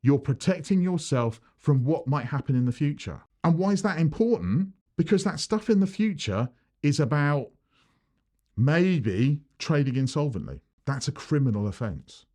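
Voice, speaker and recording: Male accountant, animated talking-head advice, bouncy pitch, plays out mini dialogues. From United Kingdom. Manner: animated, acts out little dialogues with changing voices. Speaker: accountant giving business advice. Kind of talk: direct-to-camera advice video.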